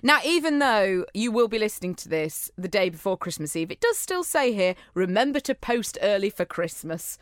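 A woman's voice: mid-range voice, big pitch swings, normal speed, hardly any pauses, no echo, studio quality. A playful, giggly woman, co-hosting a casual podcast chat. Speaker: podcast co-host.

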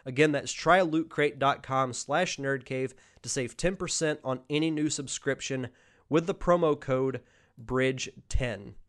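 Young guy hosting a live q&a, smooth clear voice, laid back, reads questions and riffs on them. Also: medium pitch, unhurried. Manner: relaxed, reads out viewer questions and answers off the cuff. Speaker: podcast host. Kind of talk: casual live Q&A chat.

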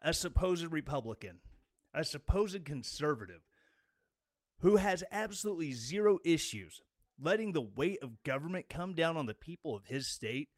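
A man's voice: a little high, animated, normal speed, no echo, studio quality. A man giving an angry, sarcastic political rant as a commentator. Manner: sarcastic and combative.

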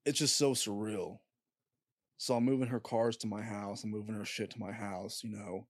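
A young man guest on a podcast, telling a story in casual chat, halting with lots of fillers and swearing. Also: on the low side, steady tone, no echo, clean studio sound.

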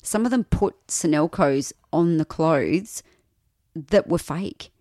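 A woman's voice: low voice, animated, slow pace, warm tone, no echo. A woman guest on a podcast in casual chat, telling stories and teasing the host, recorded on a studio mic. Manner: chatty storyteller, teasing.

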